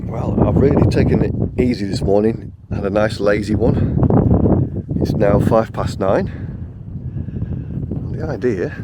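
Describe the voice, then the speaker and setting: A man with a hoarse morning croak, chatting casually to camera outdoors while hiking. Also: on the low side, measured pace, very noisy. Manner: chatty, relaxed, talks to camera. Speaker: vlogger. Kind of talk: casual outdoor vlog narration. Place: outdoors on open moorland.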